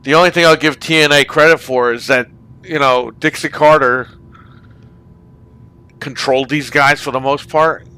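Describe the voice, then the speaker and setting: A man's voice: mid-range voice, fairly even intonation, normal speed, pauses often, bright, forceful tone, clean tone. A man hosting a casual online gaming chat, ranting with heavy profanity. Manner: profane, ranting about wrestling. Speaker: podcast host.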